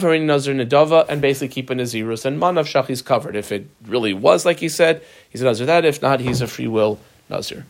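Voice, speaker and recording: A man giving a casual Talmud lesson, acting out the characters in quick quoted voices. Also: medium pitch, gravelly. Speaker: Talmud teacher.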